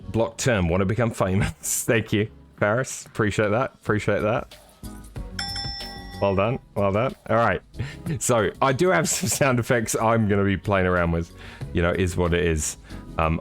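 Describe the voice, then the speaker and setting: Fields: jokey male sim racing stream host, low voice. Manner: jokey, rambling, chatty with viewers. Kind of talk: casual live-stream commentary.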